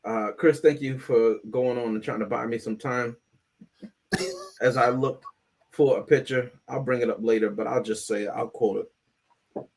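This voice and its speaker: A man's voice: medium pitch, fairly even intonation, moderate pace, long pauses, darkish tone, slight background noise. A man hosting a casual movie review podcast. He talks in a playful, emphatic way. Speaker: podcast host.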